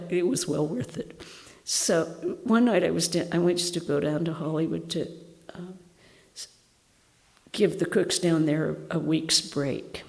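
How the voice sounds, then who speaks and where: An older woman, a nun, reminiscing at a retreat talk with self-deprecating humor and frequent laughs. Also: lowish voice. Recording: long reverb hall.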